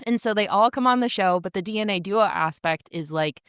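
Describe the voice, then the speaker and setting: Fairly quick and bright-toned, this medium-pitched podcast co-host chats enthusiastically and casually, sprinkling in lots of filler words. Her clean tone comes through in a dry, studio-quality recording.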